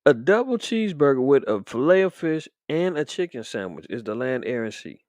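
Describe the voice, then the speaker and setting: A man rants casually on a commentary stream, indignant and rambling, full of fillers and restarts. His voice sits at a middle pitch for a man. The sound is dry and close, with no room echo. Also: big pitch swings, fairly quick, a little mellow. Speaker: show host commentating on current events.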